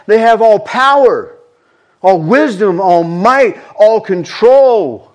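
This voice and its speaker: Male Southern US preacher, high-pitched, fervent, slow, repetitive emphasis. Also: lively intonation. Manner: fervent, repeats words for emphasis. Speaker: pastor. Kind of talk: sermon.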